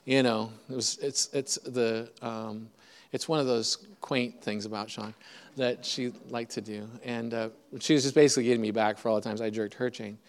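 A middle-aged man delivers a storytelling sermon in a chatty, humorous, self-deprecating way. His mid-range voice keeps a fairly even intonation at a moderate pace, and the hall gives it an echoey reverb.

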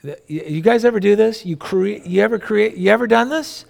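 A man's voice: high-pitched, normal speed, vocal fry, darkish tone. A middle-aged man giving a conversational sermon as a pastor, rambling and folksy, with plenty of asides. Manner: rambling, folksy, with family anecdotes and many asides.

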